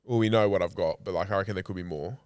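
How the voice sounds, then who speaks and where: A man's voice: low-pitched, rapid-fire, darkish tone, clean tone, no room sound, studio quality. A young Australian man co-hosting a podcast in casual chat, crude and joking, swearing freely. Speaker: podcast co-host.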